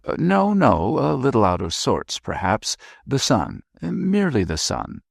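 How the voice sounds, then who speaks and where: A man's voice: mid-range voice, huge pitch swings, vocal fry, no echo, studio quality, pitched above the performer's own voice, full character voice. Man playing a suave, shaken old bishop. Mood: strained courtesy. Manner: suave, courteous, hurried. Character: dignified ageing bishop, suave but shaken.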